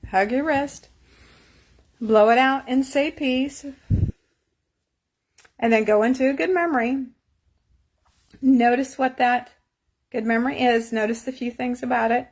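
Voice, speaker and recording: Woman gently guiding a tapping session. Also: fairly high pitch. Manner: slow, soothing, repetitive guiding instructions. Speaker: tapping coach. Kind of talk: guided tapping session on a live stream.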